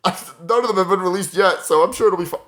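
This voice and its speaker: A southern man with a slightly high voice for a guy, trading laid-back, self-mocking jokes as co-host of a comedy podcast. he talks at an easy pace and comes across relaxed rather than loud. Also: fast. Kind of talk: joking improv banter.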